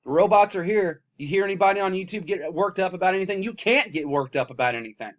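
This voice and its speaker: This animated, fast-talking vlogger rants into his own camera, his voice slightly high. Loud, heated bursts give way to low, weary muttering, and he swears freely. The recording's highs are cut off.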